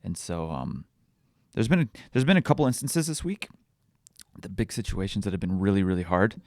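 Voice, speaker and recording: Candid, halting man with a low voice. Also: very animated, no room sound, studio quality. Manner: candid, halting, with many fillers and restarts; quietly emotional, reflective. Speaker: parenting podcast host. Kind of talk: confessional solo podcast monologue.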